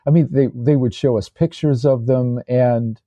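A man's voice: medium pitch, steady tone, normal speed, dark tone, no room sound. An older man, a former tank commander, telling his stories as an interview guest in a rambling way, with restarts and fillers. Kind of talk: casual interview storytelling.

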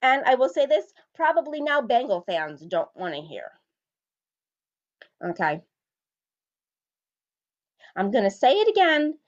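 A woman hosts a solo podcast of sports commentary, blunt and opinionated, repeating her points to drive them home. Her high voice is very animated yet unhurried, with long pauses, and the sound is lo-fi.

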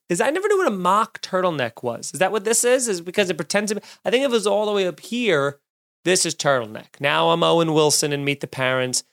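A man in his thirties hosting a podcast alone, doing a sarcastic comedic monologue with loud bursts and muttered asides. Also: high-pitched. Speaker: podcast host. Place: home studio, recording alone.

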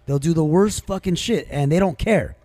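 A man's voice: a little high, moderate pace, mellow, no echo. A man co-hosting a podcast, telling stories bluntly and emphatically, swearing constantly in casual banter. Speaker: podcast co-host.

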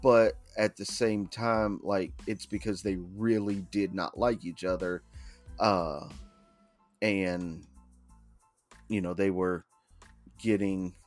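A man co-hosting a casual podcast, speaking slowly and hesitantly with many restarts. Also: low voice. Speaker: podcast co-host.

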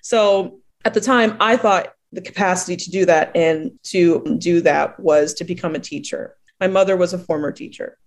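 A woman's voice: fairly low pitch, moderate pace, few pauses. A woman from New Jersey, a poet being interviewed, who chats casually, laughs often and acts out the people she quotes.

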